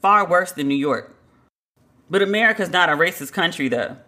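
A woman telling a story in a casual monologue, chatty and animated, full of "like" fillers. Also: on the low side, moderate pace. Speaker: podcast host.

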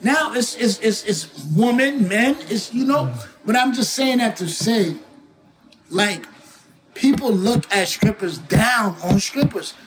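Brief: male interview guest, very high voice, emphatic, repeats himself, often shouts. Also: expressive, takes it slowly, background noise. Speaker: guest rapper. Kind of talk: casual interview talk.

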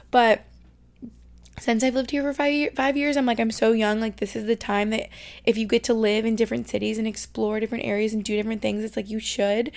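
A young woman in her twenties hosting a casual solo podcast from her bedroom, chatty, full of "like," sometimes dropping to a soft near-whisper. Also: a little high, gravelly. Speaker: podcast host.

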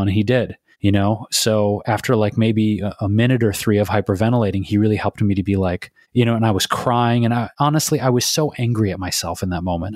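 A man's voice: lowish voice, steady tone, fairly quick, no room sound, studio quality. A man from Michigan telling a personal story on a podcast, candid and emotional, swearing often. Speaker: podcast co-host. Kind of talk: casual podcast conversation.

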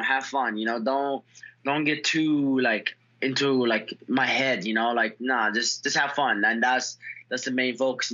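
Speaking at medium pitch, a young man who fights tells stories as a guest in a relaxed interview. He gets excited, stumbling through lots of fillers and restarts, and the recording sounds dull.

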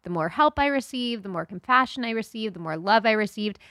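A woman's voice: mid-range voice, animated, a little fast, a bit bright, no room sound, clean studio sound. A middle-aged woman co-hosting a podcast, chatting breezily and reading listener letters aloud. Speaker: podcast co-host. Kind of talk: casual podcast banter.

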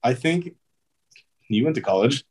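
A man's voice: mid-range voice, expressive, unhurried, darkish tone, breathy edge. A man, a pro baseball player, telling stories as a guest in a casual interview, loose and chatty with lots of "um", "like" and "dude".

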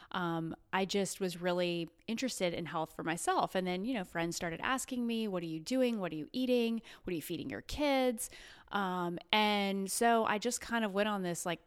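A woman health coach, a podcast guest, talking in a relaxed, conversational way with frequent fillers. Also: mid-range voice, clear, resonant tone. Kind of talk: casual interview chat. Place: her home, seated on the floor.

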